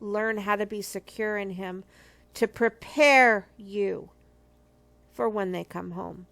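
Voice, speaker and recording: Middle-aged woman preaching about marriage, earnest and emphatic, bit of vocal fry, mid pitch. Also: takes it slowly, fairly bright tone. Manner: earnest, emphatic, repeats phrases for weight. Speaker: marriage ministry speaker. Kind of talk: personal testimony teaching.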